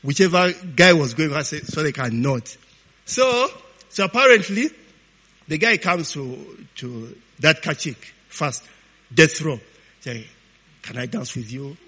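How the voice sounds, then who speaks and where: A man preaching, telling stories in an animated, informal sermon, often tagging lines with "eh?". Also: a little high, slow. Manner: animated, peppers talk with "eh?" and laughs. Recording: long hall reverb.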